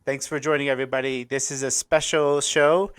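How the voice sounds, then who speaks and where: Chatty upbeat guy hosting a livestream, smooth clear voice, laughs a lot. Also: mid-range voice, flat delivery, a little fast, fairly bright tone. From Colorado, United States. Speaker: host. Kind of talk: casual livestream chat.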